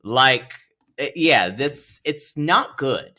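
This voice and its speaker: Bright, animated gossipy man. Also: medium pitch, very slow. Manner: chatty, rambling, laughs often. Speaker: podcast co-host. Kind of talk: casual chat recapping a reality show.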